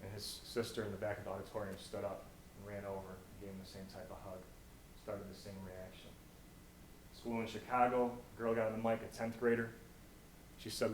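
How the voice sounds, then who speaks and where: A young American man giving an inspirational stage talk, telling stories and swinging from hushed to loud. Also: lowish voice, flat delivery, brisk. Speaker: motivational speaker. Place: college auditorium. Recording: echoey auditorium, faint noise.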